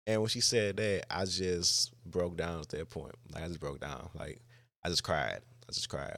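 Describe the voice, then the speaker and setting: A man's voice: sits low, normal speed, fairly bright tone, no echo. A man hosting a podcast, telling a personal story in a casual, rambling way with lots of "like" and restarts. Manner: rambling, heavy use of "like", frequent restarts. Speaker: podcast host.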